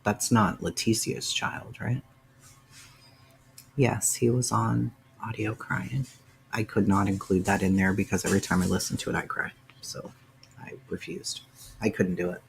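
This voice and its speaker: A man chats slowly and casually with his livestream viewers, his voice gravelly and a little low. He answers chat messages by name, sighing and emotional. Faint noise hums behind him. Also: little pitch movement. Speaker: livestream host.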